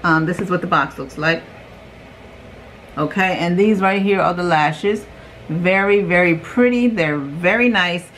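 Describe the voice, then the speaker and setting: A chatty woman vlogger talks loudly through a makeup review, rambling and checking in with "okay?" after each point. Her voice sits on the lower side, and a faint hum of room noise runs behind her. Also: unhurried. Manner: loud, self-aware about yelling. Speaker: beauty vlogger host. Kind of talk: casual chatty product review.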